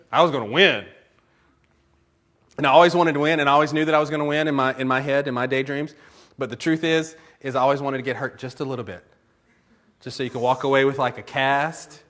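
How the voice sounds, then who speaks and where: A male pastor preaching in church, telling stories with lots of laughter and acting out little conversations. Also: mid-range voice. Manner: animated storytelling, laughs often, acts out conversations. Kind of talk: sermon.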